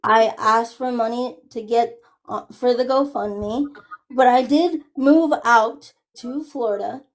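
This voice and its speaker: High-voiced defensive woman on a call. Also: takes it slowly. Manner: defensive, insistent, repeats herself. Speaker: streamer being called out. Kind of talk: heated group voice call.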